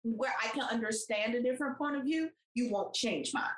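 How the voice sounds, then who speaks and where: A woman's voice: on the high side, brisk, reverberant, low-quality recording. A woman co-hosting a podcast in casual chat, playful and teasing. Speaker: podcast co-host.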